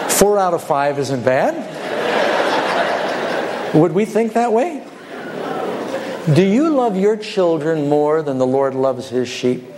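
A man's voice: mid-range voice, a little mellow, a little hiss or hum. A man preaching a sermon in a church, telling a parable with rhetorical questions and little acted-out quotes.

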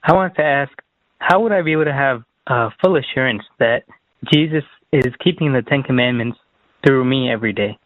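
A man's voice: mid-range voice, fairly quick, no echo. Polite male caller on a phone line. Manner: polite, hesitant. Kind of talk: phone-in question.

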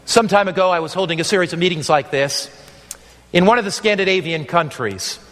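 A man's voice: high voice, fairly quick, fairly bright tone, big-room sound. A man preaching an evangelistic sermon as pastor, earnest and pleading, acting out the voices in his stories.

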